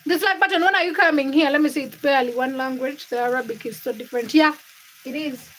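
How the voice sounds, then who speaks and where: A woman's voice: sits high, fast, a bit bright, slight background noise, rough recording. A woman hosting a casual livestream from her home kitchen, reading viewer comments and teasing her chat while she cooks. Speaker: livestream host.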